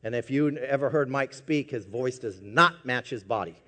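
A man preaching a sermon as pastor, swinging from quiet asides to loud emphatic peaks. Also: mid-range voice, moderate pace, big-room sound.

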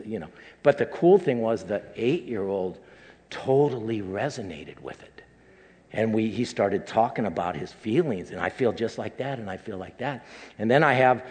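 An older man, a pastor, delivering a personal sermon in a halting, emotional way, full of restarts, in a church sanctuary. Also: lowish voice, darkish tone. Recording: long reverb of a large hall.

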